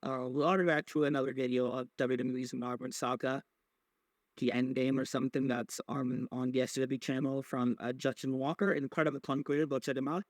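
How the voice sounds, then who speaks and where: A man's voice: medium pitch, flat delivery, brisk, dry recording. Rambling, profane man in a dry close recording. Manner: rambling, profane, with many fillers and restarts. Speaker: podcast host. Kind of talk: casual wrestling recap chat.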